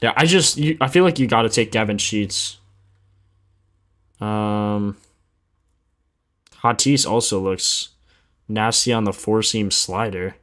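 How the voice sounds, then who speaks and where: A man hosts a betting livestream in a relaxed, slangy way, talking straight to his chat. His voice sits a little low and sounds sleepy, as if he just got up. He reads out stats loosely and keeps it informal. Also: slow, long pauses. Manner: laid-back, slangy, reads stats aloud and answers chat. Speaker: sports betting livestream host.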